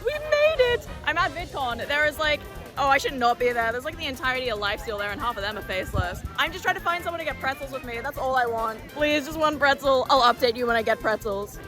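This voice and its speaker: A woman with an Australian accent filming herself on a phone at a convention, chatty and excitable, swearing casually. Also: high voice, quick pace. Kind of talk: handheld vlog clips. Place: busy convention hall and lounge, indoors. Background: loud music.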